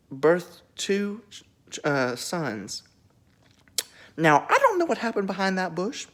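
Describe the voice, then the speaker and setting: A young vlogger cracking jokes through a bible retelling, the pitch bouncing widely. the delivery rambles with plenty of asides, and the tone is animated and playful. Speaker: video creator.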